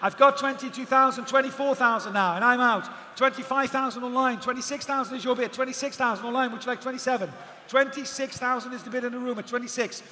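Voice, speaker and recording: A man's voice: very high voice, steady tone, sharp tone. A man calling bids as an auctioneer, rattling off figures over and over with the odd joking aside. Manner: rapid repetitive bid calling, joking asides. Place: outdoor auction event. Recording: long reverb, faint background noise.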